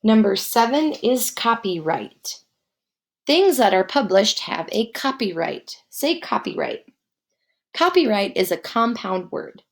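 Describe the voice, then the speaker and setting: A woman teaching a guided spelling lesson, dictating words slowly and spelling them out letter by letter. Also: fairly high pitch, very animated.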